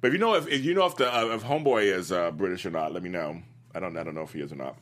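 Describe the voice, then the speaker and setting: Lively man chatting about a soap. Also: low voice, rapid-fire. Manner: animated, quotes characters in playful voices, laughs often. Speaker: podcast co-host. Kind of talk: casual chat reviewing a TV soap.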